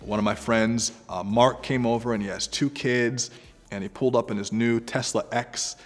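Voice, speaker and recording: A man giving freelancing advice straight to the camera, talking in a direct, conversational way that turns animated. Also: medium pitch, moderate pace, long reverb tail, soft background music. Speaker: entrepreneur guest giving advice.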